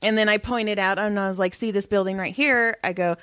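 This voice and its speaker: A woman's voice: mid-range voice, fairly even intonation, fairly quick, fairly bright tone, clear, resonant tone, no echo. A woman co-hosting a podcast, telling a story in casual chat and swearing freely. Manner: chatty, swears freely, acts out quotes. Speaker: podcast co-host.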